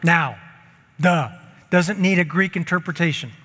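A man's voice: fairly high pitch, a little slow, pushed and bright, big-room sound. A man preaching a sermon as pastor, speaking emphatically, repeating key phrases and leading the congregation to speak lines back. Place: church sanctuary.

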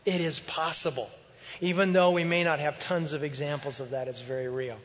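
A man preaching a sermon as pastor, in a conversational, animated way. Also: fairly high pitch, a little fast, big-room sound, muffled recording.

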